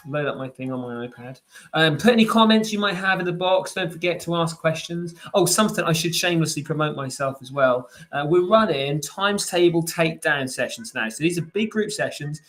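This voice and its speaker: Brief: tutor in his forties, slightly high male voice, chatty live lesson, lots of ums. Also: animated, brisk, a bit bright. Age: 40s. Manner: chatty, upbeat, full of fillers and restarts. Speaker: private tutor. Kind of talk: live online lesson for parents.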